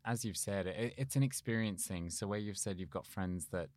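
A man, a medium, calmly and reflectively answering in an interview. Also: on the low side, normal speed, no room sound. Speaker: medium, guest.

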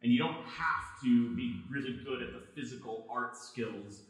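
A man speaking at a middle pitch in a relaxed, chatty way, with a touch of self-deprecation. His voice rings out in a strongly echoing room. He sounds like a host easing into conversation with his audience. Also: normal speed, distant mic. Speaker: podcast host and design leader. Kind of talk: conversational podcast talk and live conference presentation. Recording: very echoey room.

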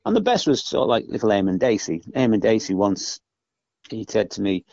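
Very animated and brisk, this older ex-footballer has a fairly low, creaky, darkish voice. As a podcast guest in casual conversation he rambles, often saying "you know what I mean," and the podcast audio is dull, lo-fi and dry.

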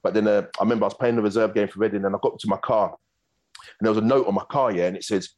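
Male guest, very low voice, brisk storyteller. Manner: fast, animated anecdotes with acted quotes. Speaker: former footballer guest. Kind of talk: casual storytelling interview.

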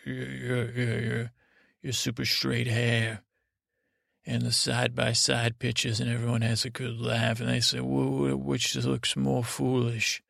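A man telling a meandering, improvised bedtime story in a halting way, with many restarts and trailing asides. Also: a bit bright, no room sound, studio quality. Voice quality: gravelly, low-key drone. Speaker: sleep podcast host.

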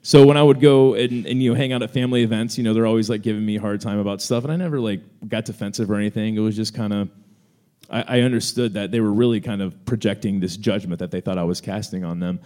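A man's voice: fairly low pitch, steady tone, quick pace, dark tone. A young man co-hosting a live event, telling a story casually with lots of fillers and restarts, speaking into a stage microphone. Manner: rambling, many fillers and restarts, acts out quoted voices. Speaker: co-host answering audience questions.

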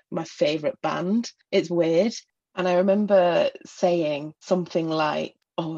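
A woman's voice: fairly low pitch, dark tone, slightly rough, lo-fi sound. A middle-aged woman from England, reflecting on her past in a personal interview, with many fillers and small laughs. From Northeast England. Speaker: guest. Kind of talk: personal interview, recounting memories.

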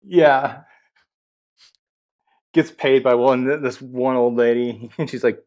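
A man co-hosting a podcast, chiming in with excited asides and frequent laughter. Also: mid-range voice, takes it slowly. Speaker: podcast co-host. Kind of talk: casual movie chat.

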